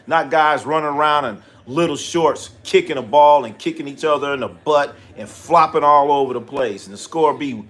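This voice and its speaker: A man's voice: a little high, moderate pace, hardly any pauses, fairly bright tone. A man streaming a live reaction to a basketball game. He talks bluntly and swears a lot, and he chats with his viewers by answering their comments. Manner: blunt, profane trash talk. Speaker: sports streamer.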